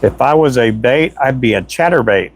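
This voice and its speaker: A man hosting a live stream, chatting casually and cheerfully through shout-outs, a self-described chatterbox with a voice tired from talking a lot. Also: mid-range voice, lively intonation, moderate pace. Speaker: livestream host. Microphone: Donner microphone.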